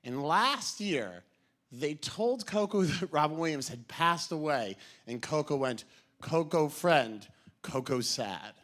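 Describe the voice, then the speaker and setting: Lively high-voiced man doing stand-up. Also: unhurried. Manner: animated storytelling, acting out characters. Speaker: stand-up comedian. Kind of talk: stand-up routine. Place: comedy club stage. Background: audience laughter.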